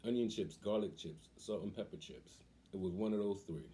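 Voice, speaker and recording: A young man hosting a vlog, telling a casual story in an animated way and acting out the voices of the people in it. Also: deep voice, moderate pace, slight background noise. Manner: animated, acts out quoted voices. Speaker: vlog host.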